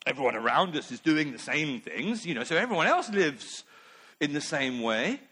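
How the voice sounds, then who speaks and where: Animated male preacher. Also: on the high side, normal speed, slightly rough. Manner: conversational, animated, many asides. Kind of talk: sermon.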